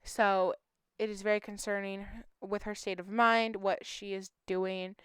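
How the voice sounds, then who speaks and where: Smooth-voiced woman making an earnest plea. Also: medium pitch, flat delivery, a little slow, no room sound, studio quality. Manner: heartfelt, emotional, pleading. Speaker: missing-persons channel host. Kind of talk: earnest appeal to viewers.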